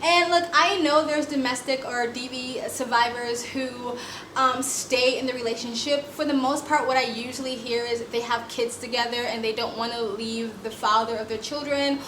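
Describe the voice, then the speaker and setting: A woman's voice: a little high, steady tone, moderate pace, echoey room, noisy background. A woman hosting a reaction video, giving blunt, sarcastic commentary and swearing freely. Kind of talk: casual commentary.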